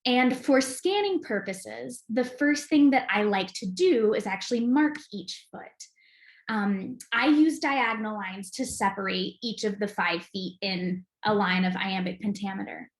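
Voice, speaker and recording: A woman giving an enthusiastic, clear recorded lesson as an acting teacher. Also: mid-range voice, measured pace, roomy sound.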